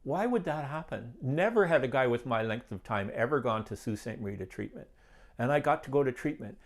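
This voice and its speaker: An older man telling his personal testimony, animated, acting out the dialogue as he recounts it. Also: mid-range voice, a little fast. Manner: animated storyteller who acts out quoted dialogue and laughs often. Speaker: guest sharing his testimony.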